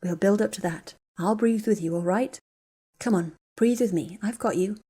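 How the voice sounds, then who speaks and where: A woman's voice: mid-range voice, normal speed, dark tone, husky, lightly acted. A woman reading a story aloud and voicing a worried young woman who urgently comforts a friend. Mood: soothing. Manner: urgent, then soothing and firm. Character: young woman, anxious but steadying her friend.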